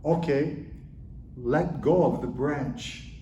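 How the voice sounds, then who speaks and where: A man voicing God as a calm, patient voice from above, gently firm. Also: fairly high pitch, slow, reverberant, recorded from a distance, highs cut off, slight background noise.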